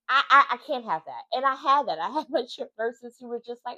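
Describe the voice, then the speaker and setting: A woman's voice: fairly high pitch, fairly quick, few pauses, lo-fi sound. A woman, a mother, talking earnestly and emphatically in a casual vlog about her time with her baby in intensive care. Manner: earnest and emphatic, animated storytelling. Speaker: mother of a former NICU baby, vlogger.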